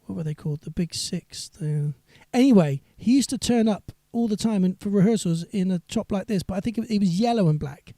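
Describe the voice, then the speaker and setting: A man's voice: sits high, lively intonation, brisk, hardly any pauses, dark tone, no room sound, studio quality. A singer-songwriter man chatting on a live stream between songs, rambling and reading viewer comments aloud.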